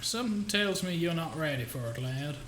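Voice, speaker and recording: Streamer doing a gruff old Southern merchant. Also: mid-range voice, expressive, fairly quick, echoey room, noisy background, lightly acted. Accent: put-on Southern US.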